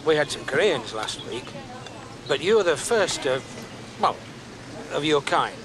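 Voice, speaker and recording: An actor playing a chatty, blundering pub landlord in a TV drama. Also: male voice, on the high side, big pitch swings, unhurried. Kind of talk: TV drama acting. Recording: busy crowd behind.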